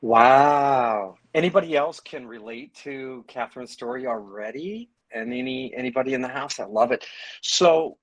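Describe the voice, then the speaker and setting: A man guides a support group over a video call, drawing people in with questions. His voice is a bit husky, and the sound is dry and close to the mic. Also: medium pitch, lively intonation, normal speed, no room sound. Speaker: host and facilitator. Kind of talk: facilitating a support group talk.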